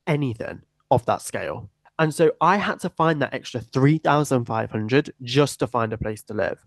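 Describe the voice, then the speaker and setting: A man's voice: medium pitch, expressive, moderate pace, no room sound. An eighteen-year-old man, hosting a personal podcast in an earnest, emphatic, repetitive way. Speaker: podcast host.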